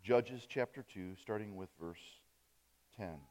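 A man from Wisconsin preaching a sermon as pastor, rising on key phrases and dropping soft at the ends of lines. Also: fairly low pitch, unhurried. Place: church sanctuary. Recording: reverberant church hall.

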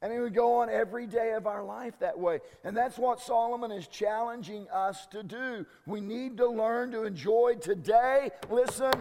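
A man's voice: sits high, normal speed, gravelly, few pauses, darkish tone, in a large hall. A man pastor preaching a sermon in an emphatic way, often repeating words as he restarts.

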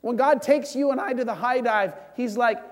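Male preacher with a high voice, casual, chatty sermon delivery, long hall reverb. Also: moderate pace. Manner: conversational, leads prayer, acts out dialogue.

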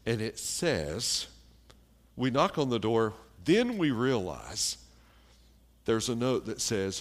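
A man preaching a sermon, telling a personal story in a slow, plain-spoken way with pauses and fillers. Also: medium pitch, sing-song.

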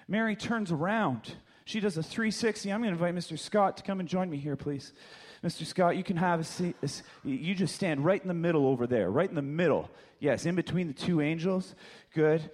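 A man pastor leading children through a dramatic Bible story retelling on a church stage, swinging from loud emphasis to hushed whispers. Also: on the high side, a little fast.

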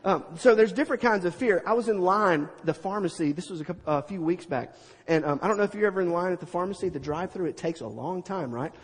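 Middle-aged male preacher, high husky voice, lively storyteller, echoing hall. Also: fast. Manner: animated, acts out scenes with sound effects. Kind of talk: storytelling sermon.

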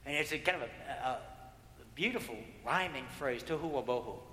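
A man's voice: medium pitch, normal speed, slight background noise. Man preaching in an echoey hall. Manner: rhythmic repetition, dropping to hushed prayer. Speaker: pastor. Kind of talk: sermon. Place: church sanctuary. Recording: echoey hall with long reverb.

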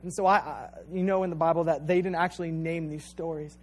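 A man's voice: on the high side, steady tone, fast talker, a little hiss or hum. A man preaching a sermon in an earnest, emphatic way. He repeats phrases and speaks directly to his listeners. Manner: addresses listeners directly as "you guys".

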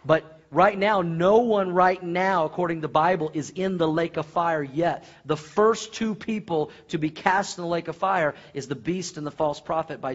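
A male pastor preaching a sermon, earnest, with animated storytelling and questions to the congregation. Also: on the high side. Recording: dull lo-fi sermon recording.

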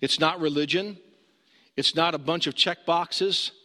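A man preaching a sermon as pastor, earnest, rising high when he urges and dropping low and slow for emphasis. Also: pushed and bright, big-room sound.

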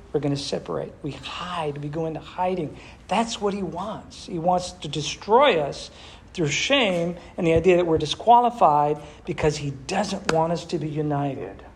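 Pastor leading a group sermon; emphatic, mid-pitched, addresses members directly. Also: moderate pace. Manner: warm, emphatic preaching with rhetorical questions. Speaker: pastor leading a church discussion.

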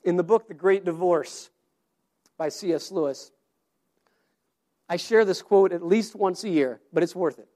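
A man's voice: high voice, measured pace, long pauses, warm tone. A man preaching a sermon, earnest and story-driven, often repeating his words as he goes. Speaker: pastor.

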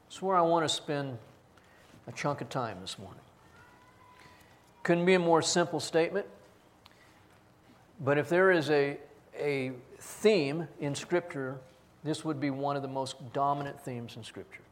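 A man's voice: a little high, unhurried, long pauses. A man preaching a sermon as pastor, earnestly reading scripture aloud and stressing single words. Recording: long hall reverb.

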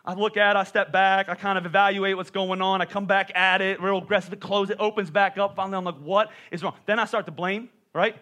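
A man's voice: high-pitched, little pitch movement, fast, hardly any pauses, bright, forceful tone. A man in his thirties preaching a sermon, telling a comic story with playful self-mocking asides. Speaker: pastor.

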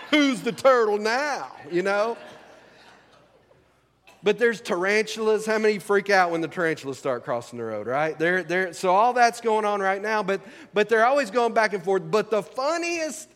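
A man's voice: sits high, fairly bright tone. A male pastor preaching a sermon in a folksy, conversational way, asking the congregation questions. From rural American South. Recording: long hall reverb.

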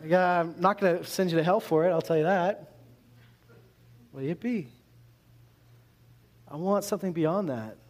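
A man from Canada preaching a sermon in a conversational, animated way, full of rhetorical questions. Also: high-pitched, measured pace, pauses often. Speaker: pastor.

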